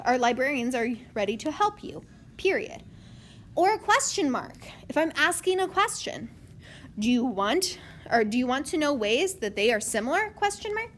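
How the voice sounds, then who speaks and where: A woman's voice: high-pitched, slight background noise. A young woman teaching a writing lesson step by step, often checking in with "okay?".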